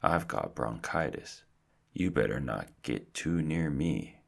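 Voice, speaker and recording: A small, plucky young mouse boy from a storybook, as a man reading aloud puts him on. The voice sits very deep and gravelly underneath, and it is delivered slowly, with loud calls breaking through. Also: lively intonation, exaggerated voice. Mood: curious. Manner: calls out loudly for help.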